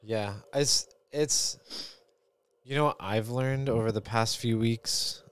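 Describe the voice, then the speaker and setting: A man's voice: mid-range voice, takes it slowly, smooth, no echo. A man co-hosting a casual podcast chat as a parent, thinking aloud in a rambling way with many fillers.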